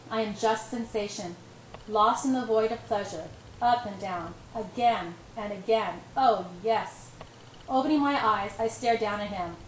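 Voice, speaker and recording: A woman reading first-person romance narration in a soft, intimate way. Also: medium pitch, echoey room, a little hiss or hum, low-quality recording. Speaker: audiobook reader.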